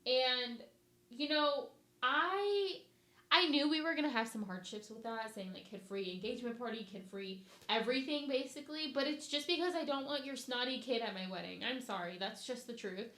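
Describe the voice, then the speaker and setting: Blunt, bright-voiced woman podcaster. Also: a little high, normal speed. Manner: blunt, animated, ranting. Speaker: podcast host, bride-to-be. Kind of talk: casual podcast chat. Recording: echoey room.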